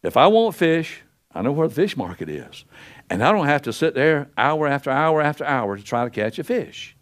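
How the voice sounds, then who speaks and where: An older man preaches a folksy sermon full of stories, acting out the quotes with wide swings in pitch and loudness. He's very animated and speaks at normal speed.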